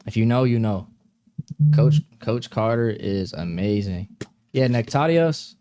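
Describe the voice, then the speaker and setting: A man's voice: on the low side, measured pace, mellow. A young man hosting a live stream, chatting casually with viewers in a laid-back, slangy way and laughing often.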